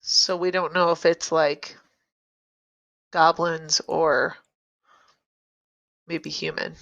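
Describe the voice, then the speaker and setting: A woman's voice: deep voice, flat delivery, extremely slow, gravelly, fairly bright tone, highs cut off. A woman playing a tabletop game, asking the game master question after question about the room. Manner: inquisitive, asks many questions. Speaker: player. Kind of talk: casual tabletop play.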